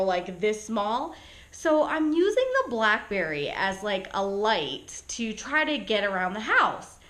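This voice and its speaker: A woman pet sitter telling a story in a casual storytime vlog, chatty and animated, full of "like" and "right?" asides. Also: fairly high pitch.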